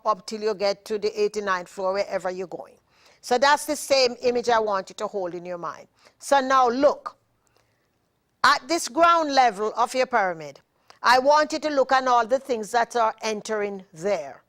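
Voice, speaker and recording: A woman with a Jamaican accent hosting a studio talk show, slowly and deliberately coaching viewers through a self-help exercise. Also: fairly high pitch, a bit bright. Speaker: show host. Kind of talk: motivational talk show monologue.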